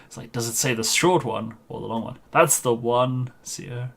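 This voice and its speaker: A male streamer talks casually as he plays, his voice sitting at an ordinary middle pitch. He rambles loosely from one anecdote to the next. He chuckles at his own stories as he goes. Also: normal speed, gravelly, fairly bright tone. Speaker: game streamer. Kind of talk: casual chat while gaming.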